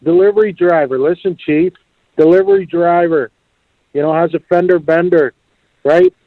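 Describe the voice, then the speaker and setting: A man's voice: on the high side, moderate pace, no room sound. A man calling in to a talk show, crude and sarcastic, heard over a phone line. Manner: crude, sarcastic, calls the host "Chief". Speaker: caller. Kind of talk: call-in chat.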